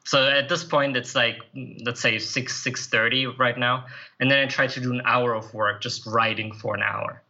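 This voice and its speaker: A man's voice: medium pitch, fairly even intonation, normal speed, bright, forceful tone, dull audio. A man speaking as a podcast guest, a self-improvement writer and coach, answering earnestly and reflectively with the odd light laugh. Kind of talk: conversational interview answers.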